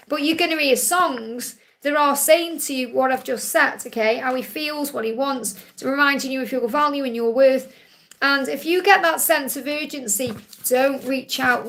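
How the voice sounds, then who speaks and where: High gravelly woman reading cards live. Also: fairly bright tone. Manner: reads out viewer questions and relays messages; reassuring, repeats "okay?". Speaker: psychic card reader. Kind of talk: live-stream tarot Q&A.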